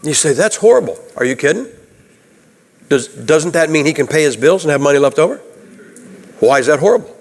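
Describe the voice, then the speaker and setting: A Baptist preacher man delivers a homespun sermon, peppering it with questions to the congregation. His voice sits a little high for a man. The sound rings with the long reverb of a church sanctuary. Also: lively intonation, brisk, pauses often. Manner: folksy, conversational, asks the audience questions.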